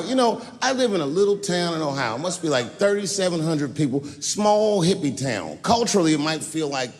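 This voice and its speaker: Animated, profane male stand-up comedian. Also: a little high, brisk, few pauses. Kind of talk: live stand-up storytelling. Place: live comedy venue. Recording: echoey hall, live show.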